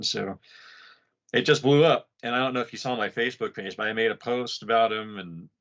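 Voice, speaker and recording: A man's voice: lowish voice, fairly quick, fairly bright tone, muffled recording. A man co-hosting a podcast, grieving a friend, telling rambling, profane stories in casual chat. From Utah. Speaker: podcast co-host.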